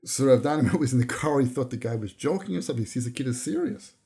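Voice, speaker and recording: A man's voice: mid-range voice, animated, fast, creaky, mellow, breathy edge. A man giving a Torah lesson on his podcast, telling stories and briefly acting out the people in them. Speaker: rabbi teaching on a podcast.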